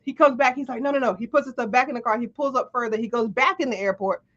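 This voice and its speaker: A woman's voice: on the high side, fast talker, fairly bright tone. A woman, a life coach, telling a story to a live audience with much animation, acting out the dialogue and laughing often. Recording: dull lo-fi stream audio.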